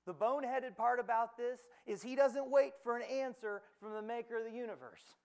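High-voiced preacher man, dramatic retelling. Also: a little fast, creaky, darkish tone, clean tone. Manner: dramatic storytelling with rhetorical questions and quoted dialogue. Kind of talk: sermon.

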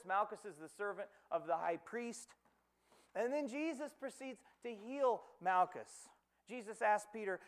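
A man with a notably high voice delivers a sermon, retelling a scripture story with dramatic pauses. He asks rhetorical questions and acts out quoted lines along the way. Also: clear, resonant tone. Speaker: preacher.

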